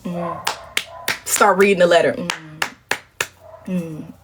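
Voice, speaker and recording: A woman in her thirties chatting casually on a livestream, telling stories animatedly, leaping to high indignant exclamations and dropping to low murmured asides. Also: lively intonation, moderate pace, a little hiss or hum. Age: 30s. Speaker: livestream host. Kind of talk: casual live-stream chat.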